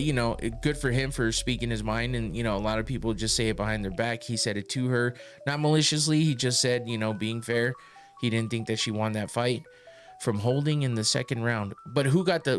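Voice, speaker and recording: A man hosting a podcast, recapping fights in a rambling, casual way with lots of cursing and restarts. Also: medium pitch. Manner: rambling, profane, with frequent restarts and laughs. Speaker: podcast host.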